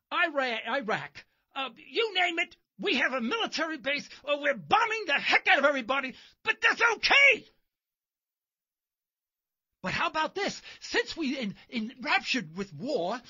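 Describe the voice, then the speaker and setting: A man's voice: very high-pitched, sharp tone, breathy edge, muffled recording. A man hosting a talk radio show, delivering a sarcastic, mocking monologue from his car while driving. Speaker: radio host.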